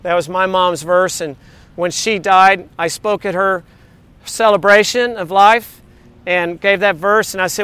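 A man's voice: high voice, unhurried, clean tone. A middle-aged male pastor preaching a sermon with energy, breaking into sung worship lyrics and quoting texts from friends. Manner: animated, sings along and speaks lyrics.

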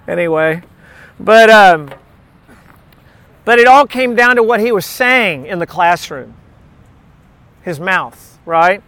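Man, middle-aged, informal sermon, high voice, joking, repeats himself. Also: expressive, takes it slowly, long pauses, pushed and bright, no room sound. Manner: conversational, repeats key words, tells jokes. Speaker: Bible study leader.

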